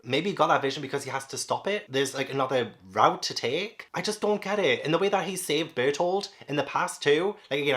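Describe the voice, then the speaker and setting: A man giving a casual, rambling spoken review of a manga, animated and full of "like". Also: medium pitch. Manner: rambling, animated, heavy use of "like".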